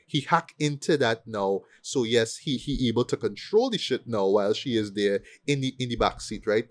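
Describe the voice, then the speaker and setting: Animated man ranting about a film. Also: mid-range voice, normal speed. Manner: animated, profane, acts out quoted lines. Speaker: podcast co-host. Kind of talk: casual ranting movie review.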